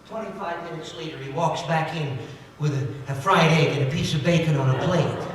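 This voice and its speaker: A man's voice: a little high, a little fast, a little hiss or hum. A man telling jokes in a folksy, chatty stand-up routine. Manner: folksy, chatty joke delivery. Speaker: stand-up comedian. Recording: echoey hall recorded from far off.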